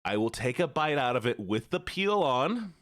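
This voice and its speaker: A man's voice: medium pitch, sing-song, moderate pace, fairly bright tone, no room sound, clean studio sound. A man streaming live, chatting casually with viewers in a rambling, self-correcting way.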